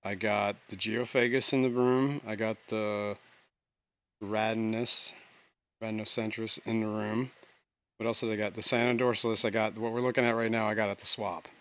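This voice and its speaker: A man's voice: on the low side, level tone, moderate pace, a bit bright, clear, resonant tone, dull audio. A man hosting a casual livestream, chatting loosely and muttering to himself as he moves around. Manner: scattered, talks to himself while moving around. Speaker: livestream host.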